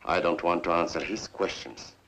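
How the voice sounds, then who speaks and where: A man's voice: deep voice, steady tone, normal speed, background noise. A man playing a ruthless Soviet general in a 1950s film, speaking coldly and in clipped phrases. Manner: cold, clipped.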